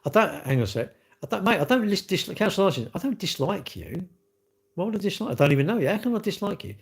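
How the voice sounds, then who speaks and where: A man's voice: high voice, very animated, quick pace, creaky, slightly rough. A man on a live stream, answering chat comments bluntly in a rambling way, full of restarts and rhetorical questions.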